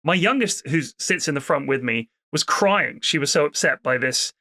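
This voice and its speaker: Animated British man telling holiday stories. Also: on the high side, normal speed, no echo, studio quality. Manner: animated, swears freely, acts out people in anecdotes. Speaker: podcast co-host. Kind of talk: casual storytelling chat.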